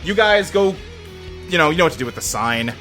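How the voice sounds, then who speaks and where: A woman's voice: sits low, animated, brisk, fairly bright tone, faint music behind. A man voicing a ruthless woman casino boss who switches from syrupy greetings to profane, barking orders.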